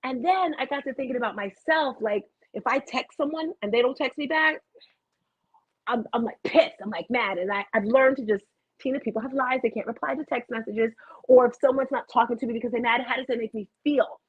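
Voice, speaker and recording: A middle-aged woman with a fairly high, husky voice talks fairly quickly, hosting a rambling live motivational talk from home into her computer webcam. She's chatty and wanders off on tangents, telling stories animatedly, and the audio is dry and tinny, like a phone.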